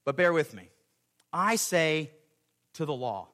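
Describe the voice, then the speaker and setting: Male pastor, emphatic sermon delivery with joking asides; high, bright voice. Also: very animated, slow, pauses often.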